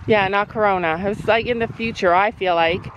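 A woman's voice: medium pitch, a little fast, lo-fi sound, background noise. A middle-aged woman and mother, chatting in a casual vlog while she stands outside by a horse, rambling through her story with lots of fillers. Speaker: vlogger, mother. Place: outdoors by a horse near a road.

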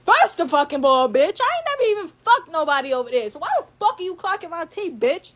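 Young woman, high voice, big swooping pitch, cursing nonstop, angry phone livestream. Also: lively intonation, quick pace, few pauses. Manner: heated, profane, insulting.

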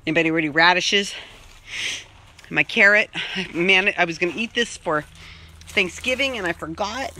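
A woman's voice: lowish voice, moderate pace, long pauses, pushed and bright, rough recording. A woman chatting casually while filming a tour of her own outdoor garden on a handheld phone, rambling as she goes. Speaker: vlogger. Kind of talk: casual chat.

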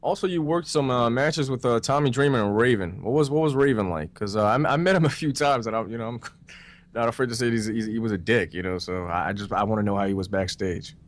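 A man hosting a podcast, asking a guest questions in a relaxed, chatty way. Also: mid-range voice, fast talker. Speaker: podcast host. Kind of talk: casual interview questions.

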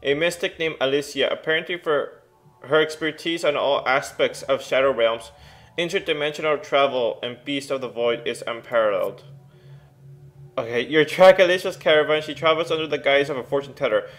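A young man giving casual, excitable let's play commentary and reading game text aloud at home. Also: mid-range voice, brisk.

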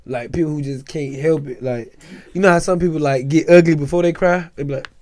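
A young adult man, a comedian co-hosting a podcast, talking in rowdy, rapid slangy chatter with chant-like repetition. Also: on the high side, a little mellow. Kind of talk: casual podcast banter.

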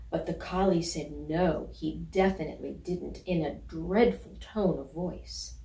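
A woman reading a children's picture book aloud in a gentle, measured storytelling voice. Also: fairly low pitch. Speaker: storybook reader. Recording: roomy, from a distance.

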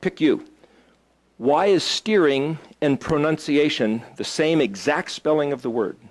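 A man's voice: a little high, a little slow. Man teaching, thinking aloud. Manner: thinks aloud, asks the group questions. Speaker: Hebrew study teacher. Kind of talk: informal teaching to a small group.

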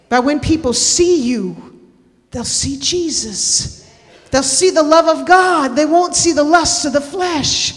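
A woman preaching a sermon to a church, impassioned, rising to shouted and sung cries. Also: sits high, slow pace. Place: church sanctuary. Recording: long hall reverb.

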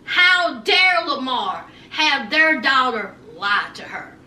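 Speaking slowly in a high voice, this recap vlogger talks through a reality show in a relaxed, lively way. She performs the cast's lines in different voices and uses homey slang such as "honey" and "child," while the sound is reverberant and far from the mic.

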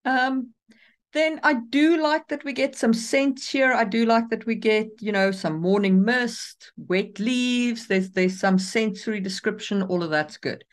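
A woman's voice: on the high side, unhurried. Easygoing woman podcast co-host. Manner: easygoing, laughs often, reads passages aloud. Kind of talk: casual editing discussion.

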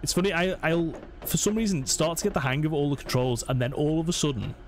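A man's voice: on the high side, fast talker, a little hiss or hum. Jumpy man narrating a horror game. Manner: jumpy, self-narrating, talking himself through scares. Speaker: gaming channel host. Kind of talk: horror let's play commentary.

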